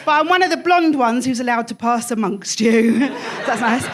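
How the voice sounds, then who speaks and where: A woman with an Essex accent works a comedy club crowd in a bright, high voice. Her delivery is playful and chatty, and she laughs through her punchlines as she goes. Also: moderate pace, hardly any pauses, background noise. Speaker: stand-up comedian. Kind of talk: live stand-up set.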